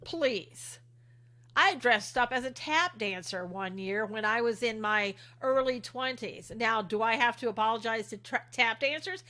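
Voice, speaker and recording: Her voice is a little high, bright, and forceful, moving at a normal speed with hardly any pauses. This middle-aged livestream host reads out viewers' comments and responds with sarcasm, chattiness, and frequent laughter.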